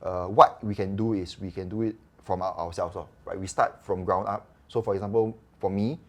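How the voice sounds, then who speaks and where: This man has a Singaporean English accent and a low-pitched, brisk voice. A doctor appearing as a podcast guest, he tells stories in casual, animated chat and acts out quoted dialogue.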